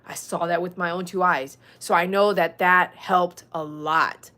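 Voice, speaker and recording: With a lowish voice and a measured pace, this dog groomer from Texas chats through her casual livestream, says y'all and reads viewer comments out loud. She's lively, flipping between loud mock outbursts and quiet, sincere moments.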